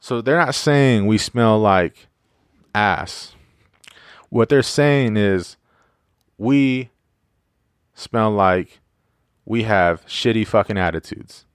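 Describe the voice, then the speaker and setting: A man with a fairly low, smooth and resonant voice talks through a casual solo podcast episode. He rambles, swears freely and jokes, padding his sentences with fillers. The sound is close and dry. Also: slow, pauses often, dry recording. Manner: rambling, profane, joking, many fillers. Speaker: podcast host.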